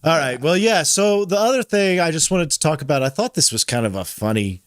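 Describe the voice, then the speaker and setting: A man's voice: fairly high pitch, lively intonation, a little fast, smooth, no echo, studio quality. A man hosting a podcast in casual chat, rambling with frequent restarts and self-corrections. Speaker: podcast host.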